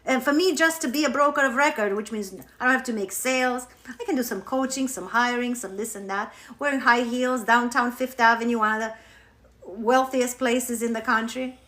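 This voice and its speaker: Woman, spiritual coach, casual live stream, animated, candid, swears, bright sharp voice, phone audio. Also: a little high, moderate pace. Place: at home on her couch.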